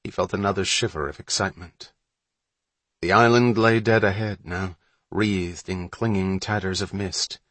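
A man narrating a story aloud in a steady, measured storytelling manner. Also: deep voice, dry recording. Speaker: audiobook narrator. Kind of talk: scripted narration.

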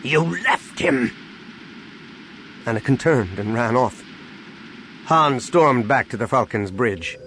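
This is a man narrating a science-fiction audiobook, reading from the script at a measured pace. On sad lines his voice sinks low, and there's constant background noise throughout.

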